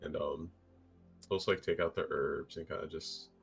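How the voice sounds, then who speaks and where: Very deep, gravelly man. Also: steady tone, normal speed, faint music behind. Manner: rambling, filler-heavy. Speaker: player. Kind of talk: tabletop game chat.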